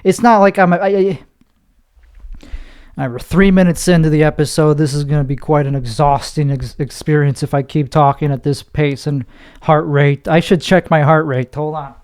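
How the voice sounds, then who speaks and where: A man's voice: fairly high pitch, fairly even intonation, moderate pace, darkish tone, clear, resonant tone. A young man hosting a solo podcast monologue, talking in an anxious, rambling way with heavy cursing. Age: young adult. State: nervous. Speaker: podcast host.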